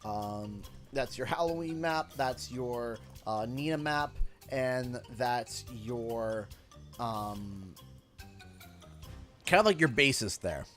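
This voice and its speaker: A man from Canada hosting a gaming livestream, rambling with many fillers and restarts, getting loud and excited over donations. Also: medium pitch, slow, faint music behind. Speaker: livestream host.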